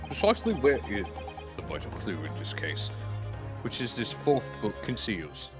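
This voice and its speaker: A man's voice: lowish voice, big pitch swings, moderate pace, pitched below the performer's own voice. A man voicing a haughty aristocratic prosecutor in a lofty, sneering courtroom manner, over game music.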